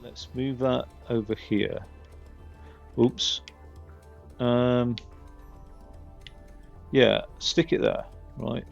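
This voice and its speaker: A man's voice: mid-range voice, fairly even intonation, drawn-out words, gravelly, pauses often, faint music behind. A man giving casual, rambling gameplay commentary with chatty, self-mocking asides on a slightly dull, lo-fi mic. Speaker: gaming channel host.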